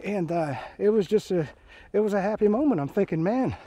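A man in his fifties tells stories from his Marine days while he hikes, pausing on fillers and restarting lines as he goes. His voice sits a little high, and it is recorded close and dry. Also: dark tone, no echo. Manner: rambling, full of fillers and restarts. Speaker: Marine veteran storyteller. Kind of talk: casual spoken storytelling. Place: outdoors on a hiking trail. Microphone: phone held while walking.

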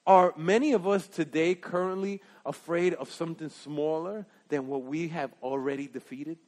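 A man preaching a sermon, animated and emphatic, swinging from loud exclamations to hushed remarks. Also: fairly high pitch, moderate pace. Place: church sanctuary. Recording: long hall reverb.

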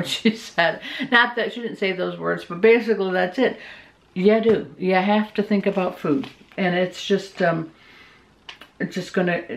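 A woman's voice: medium pitch, creaky, muffled recording. A middle-aged woman chatting casually, reading out diet tips and then rambling emotionally about a meeting. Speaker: vlogger recapping a weight-loss meeting.

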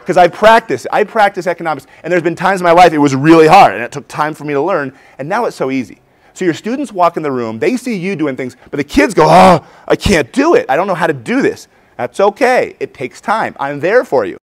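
Animated, high-energy man presenting to teachers. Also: brisk. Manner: energetic, animated, acts out students' voices. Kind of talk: lively conference talk with demonstrations. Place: conference hall before an audience.

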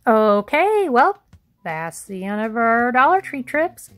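A woman from Indiana, chatting casually to viewers as a vlogger and telling a story in a folksy way. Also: medium pitch. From Indiana, USA. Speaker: shopping haul vlogger. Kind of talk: casual vlog chat and story time.

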